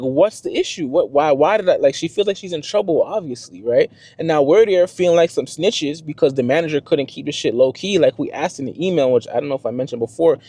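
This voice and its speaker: A young man and first-time father telling a story to the camera in a casual, slangy vlog style. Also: high-pitched. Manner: slangy, conversational, animated retelling.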